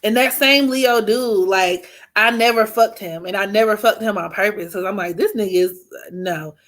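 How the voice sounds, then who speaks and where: A young woman hosting an astrology channel, telling stories in blunt, profane, animated casual chat. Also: medium pitch, moderate pace.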